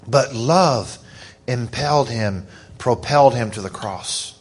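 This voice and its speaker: A middle-aged man delivers a church sermon in a high, hoarse voice. He drops to quiet, drawn-out phrases, then climbs into fast, excited passages. The tone stays fervent and earnest throughout. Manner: fervent, rising to excited emphasis. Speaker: preacher.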